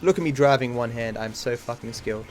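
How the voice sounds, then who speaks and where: A man's voice: mid-range voice, fast, a little mellow, faint music behind. Swearing male streamer talking to chat. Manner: swears often, talks to chat between attempts; easily frustrated, self-mocking. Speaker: speedrunning streamer. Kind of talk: live gameplay commentary.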